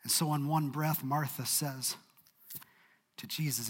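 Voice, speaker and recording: A man preaching a sermon in a church, expressive and dramatic in his delivery. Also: medium pitch, measured pace, slightly rough, in a large hall. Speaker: pastor.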